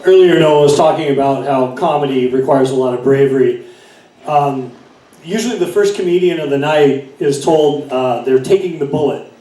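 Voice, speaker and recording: A man's voice: mid-range voice, normal speed, mellow. A middle-aged man performing a stand-up set in a bar, rambling with many fillers and self-corrections. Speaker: stand-up comedian. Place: bar stage. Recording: echoey room from far off.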